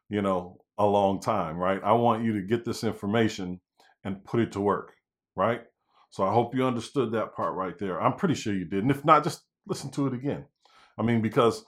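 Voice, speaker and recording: A real estate negotiation coach, a man with a lower voice, gives casual instructional talk. He keeps it conversational, sprinkling in lots of "you know" and "right?" fillers.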